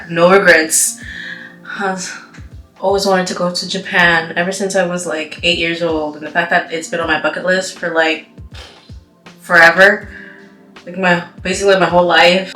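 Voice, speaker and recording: A woman's voice: lowish voice, steady tone, normal speed, sharp tone. A young woman vlogger telling a rambling storytime while doing her makeup, full of "like" and "you know.". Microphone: camera mic. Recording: roomy echo with background music.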